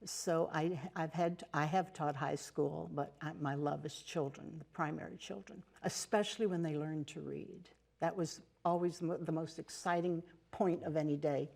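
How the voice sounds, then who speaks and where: Older American woman, low and mellow. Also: steady tone, moderate pace, gravelly, few pauses. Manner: warm storytelling with fillers and restarts. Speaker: interview guest, nun and teacher. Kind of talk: casual interview talk. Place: TV studio.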